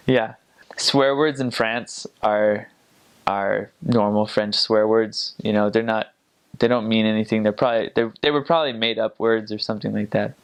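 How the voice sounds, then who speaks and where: A man's voice: lowish voice, clean tone. An American man talking casually to camera, explaining things in a chatty way and laughing often between points. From United States. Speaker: vlogger.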